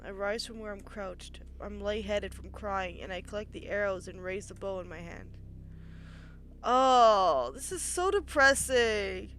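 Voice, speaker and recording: A woman streamer reading a visual novel aloud and reacting expressively, breaking into loud outbursts. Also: mid-range voice, level tone, moderate pace, few pauses, a little hiss or hum.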